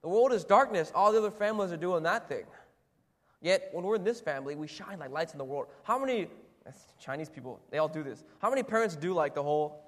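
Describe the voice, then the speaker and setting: Preacher, male, high voice, casual rhetorical sermon delivery, church hall with long reverb. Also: lively intonation, a little fast. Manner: conversational, rhetorical questions, frequent "right?".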